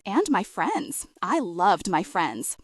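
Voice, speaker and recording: A woman voicing a gentle little chipmunk who was once human, speaking wistfully and fondly in an audiobook story. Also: medium pitch, big pitch swings, slow, husky, dry recording, studio quality, full character voice.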